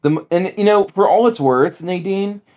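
A woman co-hosting a podcast, chatting casually and in a rambling way about a movie, acting out lines. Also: normal speed. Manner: animated, rambling, acts out lines in high voices. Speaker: podcast co-host. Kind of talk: casual movie review chat.

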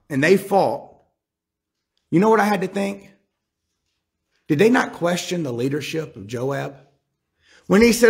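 A man's voice: fairly high pitch, a bit bright. A man preaching a sermon, retelling scripture and acting out the characters' words with rising intensity.

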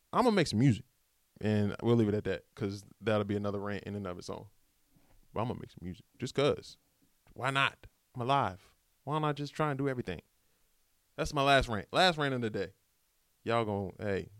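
A man's voice: fairly low pitch, no echo, clean studio sound. A man hosting a podcast, giving a casual, rambling motivational monologue in slangy American speech. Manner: animated, rambling, slangy pep talk. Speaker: podcast host.

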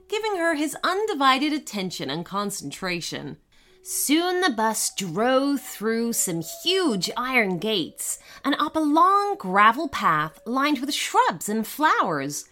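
A woman reading a children's story aloud in an expressive, unhurried way. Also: on the high side. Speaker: narrator.

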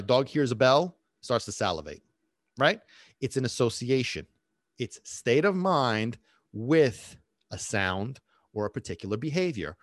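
A man's voice: medium pitch, no echo, studio quality. A man who works as a dog trainer, explaining casually and emphatically, throwing in rhetorical questions and checking in with "okay?" and "right?". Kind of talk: casual instructional talk.

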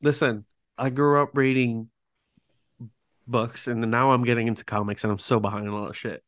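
A man's voice: mid-range voice, fairly even intonation, normal speed, fairly bright tone. A man hosting a podcast reads from his notes in a mid-range voice, breaking off into casual, self-mocking asides whenever a foreign word trips him up. The sound is close and dry, with no room echo. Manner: stumbles over foreign words, self-mocking. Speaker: podcast host. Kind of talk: reading prepared narration with casual asides.

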